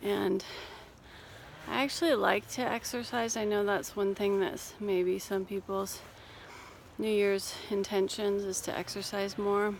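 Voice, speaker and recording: Slow gentle woman, gravelly, walking outdoors. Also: medium pitch, level tone, a little hiss or hum. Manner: gentle, reassuring, unhurried. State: a little out of breath. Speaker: life coach and therapist. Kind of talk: casual vlog while walking. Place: outdoors on a cold hill walk.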